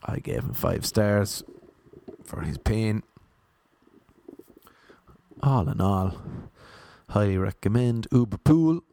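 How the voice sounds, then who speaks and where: Gravelly deadpan Irishman. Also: fairly low pitch, slow, long pauses. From Ireland. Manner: deadpan, sardonic. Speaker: vlogger. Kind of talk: casual storytelling monologue.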